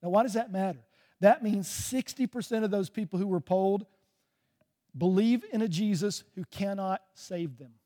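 A man's voice: high-pitched, normal speed, dark tone. A man preaching a sermon as pastor, conversational, often checking in with "right?".

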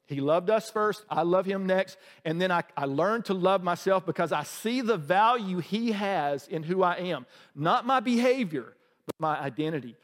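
A male pastor with a high-pitched voice delivers a sermon to his congregation. He keeps it conversational and joking, tossing questions out to the room. His voice carries a long reverb tail from the church sanctuary. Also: lively intonation, moderate pace.

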